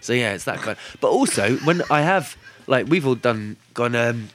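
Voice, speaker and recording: Bright-voiced joking English man. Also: mid-range voice, expressive, normal speed, faint music behind. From Birmingham, England. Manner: jokey, builds absurd lists with laughter. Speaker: podcast co-host. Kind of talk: casual comedy podcast banter.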